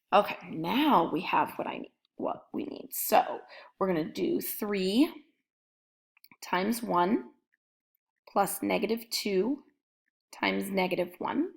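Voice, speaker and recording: A woman teaching a math lesson in a recorded lecture, working through each calculation aloud as she writes it. Her voice sits a little low and carries a noticeable gravelly fry. She speaks at an unhurried, deliberate pace. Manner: methodical, talks through each step while writing. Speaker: math instructor.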